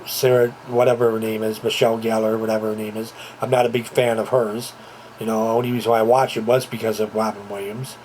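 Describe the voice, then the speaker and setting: A man's voice: fairly low pitch, darkish tone, a little hiss or hum, rough recording. A man talking casually to camera at home, rambling and repeating himself with lots of fillers. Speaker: vlogger. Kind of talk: casual home video chat. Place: at home, indoors. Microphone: handheld camera, moving about.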